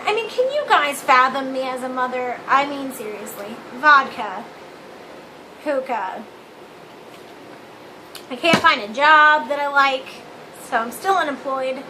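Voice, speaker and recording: Young woman, very high voice, bright and sharp, casual swearing rant, phone recording with faint hiss. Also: low-quality recording. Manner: candid, swearing, self-mocking. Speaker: vlog host. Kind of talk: casual opinion rant to camera. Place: her living room.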